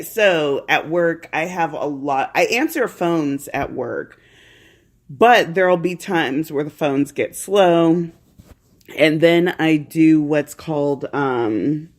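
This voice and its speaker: A podcast host chatting casually from home while feeling unwell, rambling and laughing often. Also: medium pitch.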